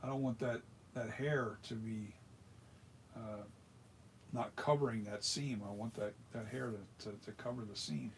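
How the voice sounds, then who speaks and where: A talkative American man walks through a hands-on workshop tutorial in an easygoing, rambling way. His voice sits at a middle pitch, and he often restarts his sentences. A faint hiss of noise runs underneath. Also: measured pace. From United States. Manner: chatty and rambling, with frequent restarts. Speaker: mask maker demonstrating. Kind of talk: hands-on tutorial, casual chat.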